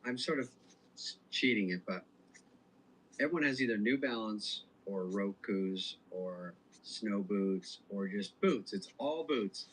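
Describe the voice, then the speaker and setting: A man co-hosting a podcast, playful in casual chat, laughing often and cracking deadpan jokes. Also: fairly low pitch, measured pace, husky, low-quality recording. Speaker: podcast co-host.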